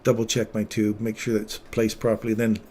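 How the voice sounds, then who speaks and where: A man hosting a casual livestream, once a paramedic, talking with earnest feeling and sometimes dropping his voice very low. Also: monotone, moderate pace, darkish tone, slight background noise. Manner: earnest, emotional storytelling, drops to near-whisper at tender moments. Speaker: livestream trading host, former paramedic.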